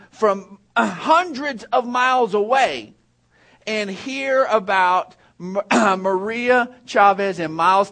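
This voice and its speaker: A man preaches to his congregation. He tells stories, drawing some lines down almost to a murmur before raising his voice again. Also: high voice. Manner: storytelling, swings from hushed to raised. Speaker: pastor. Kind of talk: sermon.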